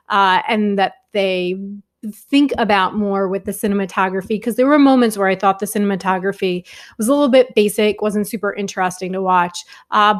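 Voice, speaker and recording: Woman film vlogger, young adult, casual enthusiastic chatter with fillers. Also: mid-range voice. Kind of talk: casual movie review talk.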